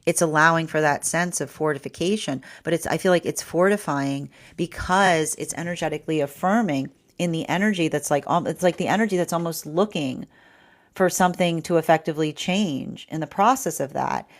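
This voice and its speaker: A woman's voice: sits low, a little fast. A woman giving a spoken tarot reading, rambling, with frequent repeated words and fillers. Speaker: tarot reader.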